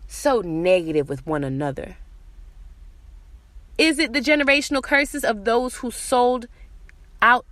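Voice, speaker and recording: A woman delivers a solo podcast monologue in a bright, forceful voice that sits a little high. She talks bluntly and swears freely, repeating pointed rhetorical questions. The sound is dry and close. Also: dry recording. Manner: blunt, profane and emphatic. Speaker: podcast host. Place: outdoors in morning sun.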